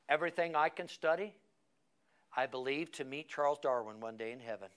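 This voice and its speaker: A man's voice: mid-range voice, a little fast, a bit bright, clear, resonant tone. A man preaching a sermon, reading a story aloud and building to emphatic, fervent climaxes.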